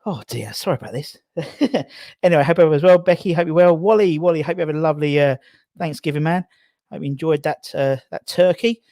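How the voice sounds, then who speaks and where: A man's voice: fairly high pitch, steady tone, fast talker, warm tone, no room sound, clean studio sound. A man from England hosting a casual live stream, rambling and out of breath as he reads out viewer comments. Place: garage.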